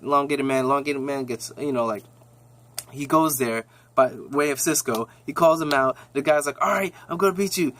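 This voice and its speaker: A man's voice: fairly high pitch, fairly bright tone. A man casually recapping a TV episode in a rambling, slangy way with lots of restarts.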